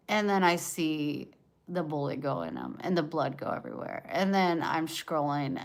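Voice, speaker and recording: A woman on a livestream from home, speaking in a lowish voice at an unhurried pace. She vents raw and emotional, pausing to answer viewers by name. Her delivery is casual and direct.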